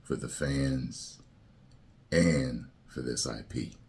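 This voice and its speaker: A man's voice: very deep voice, slow, darkish tone. A man hosting a reaction video, giving laid-back casual commentary between clips. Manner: laid-back, chuckling asides.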